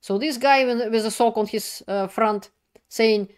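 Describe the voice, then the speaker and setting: Speaking at a measured pace in a medium pitch, a woman delivers political commentary on video. Her English is non-native with broken grammar, and she sounds indignant, emphatic and plain-spoken.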